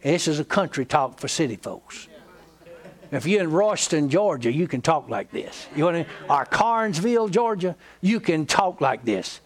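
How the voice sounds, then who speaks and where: A man's voice: fairly high pitch, big pitch swings, normal speed. A man preaching a sermon, telling a story and retelling a friend's words, often trailing off and restarting.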